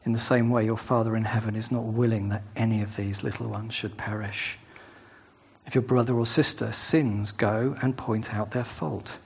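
A man's voice: on the low side, fairly even intonation, normal speed, vocal fry, slightly rough. A man preaching a sermon, first reading scripture aloud, then talking it through conversationally with asides and tag questions.

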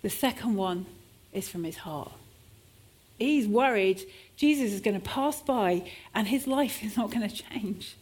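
A woman's voice: medium pitch, lively intonation, unhurried, a little mellow, slightly rough. A woman preacher delivering a sermon at a church service, with shifting emphasis as she sometimes acts out desperate cries.

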